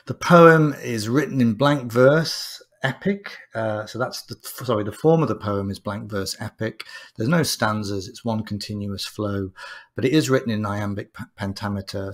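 A man's voice: fairly low pitch, normal speed. A man giving a chatty, explanatory online lesson on a poem, as a teacher. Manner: chatty and explanatory, with restarts and fillers. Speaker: English teacher.

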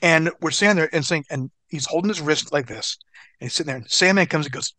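A man who is a guest in an interview, telling a story in an animated, profane way. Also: on the high side, normal speed, long pauses, no echo.

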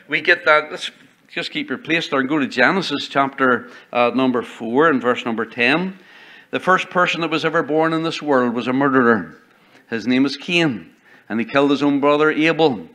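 Bright-voiced man preaching a sermon. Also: on the high side. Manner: preaching with rising emphasis, reading scripture aloud. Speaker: pastor. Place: church sanctuary.

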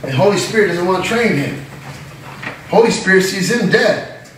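A high-voiced man giving an animated Bible-study sermon, breaking into laughter and acting out voices as he goes. He sounds far from the mic in a very echoey classroom, with noise audible behind him. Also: moderate pace. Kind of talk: lively teaching sermon.

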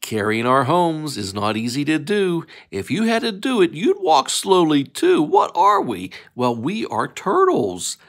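Playful man reading a slow bedtime story. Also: fairly high pitch, huge pitch swings, fairly bright tone. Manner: playful, sing-song riddles with animal sounds.

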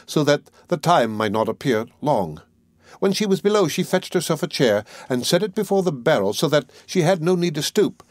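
A man reading a fairy tale aloud as an audiobook narrator, in an even, unhurried storybook manner. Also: mid-range voice, no echo, clean studio sound.

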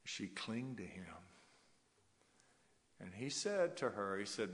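A man preaches from the pulpit in a fairly low voice, building his points in rhythmic, emphatic repetitions and breaking into soft chuckles. The sanctuary adds a long reverb that hangs after each phrase. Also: sing-song, slow, pauses often. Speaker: pastor. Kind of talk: sermon. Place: church sanctuary.

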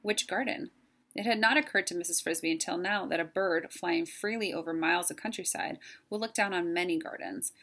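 A woman, a teacher, reading a novel chapter aloud to her class at a steady pace. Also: on the low side, a little fast, few pauses.

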